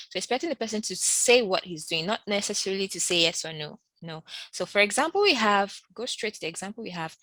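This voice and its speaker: A woman's voice: lively intonation, fairly bright tone, dry recording, rough recording. A woman teaching a language lesson, repeating every example phrase and lifting her voice on sample questions. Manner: slow, repeats each French phrase, rises high on example questions. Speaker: French teacher.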